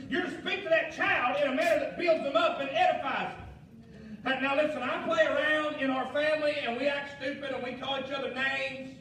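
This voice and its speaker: A male pastor, preaching a fiery sermon with shouted emphasis and folksy asides. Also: very high voice, steady tone, a little fast. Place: church sanctuary. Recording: echoey church hall, mic far off, faint noise.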